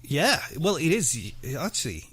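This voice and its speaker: A man's voice: a little high, wildly swooping pitch, unhurried, fairly bright tone, husky, dry recording. A man hosting a podcast, chatting casually and laughing often with many fillers, then narrating a true-crime story. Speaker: podcast host.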